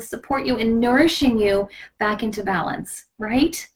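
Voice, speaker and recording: A woman's voice: fairly high pitch, a little slow, a little hiss or hum. A woman hosting a live video stream in a casual, gushing and impassioned way, sometimes slipping into a preachy tone. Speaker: host of a live product video.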